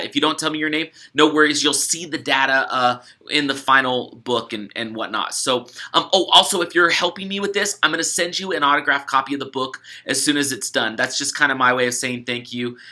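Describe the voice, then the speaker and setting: A man's voice: mid-range voice, bright, forceful tone. A young adult man, an author, chatting casually and upbeat as he explains a gratitude study to participants, with fillers and restarts. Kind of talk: casual instructional video talk.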